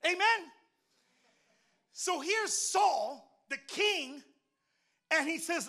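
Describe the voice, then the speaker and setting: Preach it as a woman minister, bright and forceful, moving from shouts down to a soft, low storytelling voice. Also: animated, extremely slow, gravelly, pauses often. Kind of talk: sermon.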